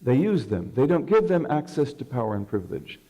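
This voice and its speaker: An older man delivers a religious lecture with a mellow, warm-toned voice. He tells stories with animation, lifting his voice for quoted lines, and checks in with the audience using questions. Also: mid-range voice, fairly quick, rough recording. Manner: storytelling, animated, acts out quoted speech. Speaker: imam giving a lecture.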